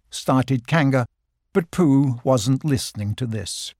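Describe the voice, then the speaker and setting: A man narrating a children's storybook with a lively, expressive reading. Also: medium pitch, slow pace, no room sound, studio quality.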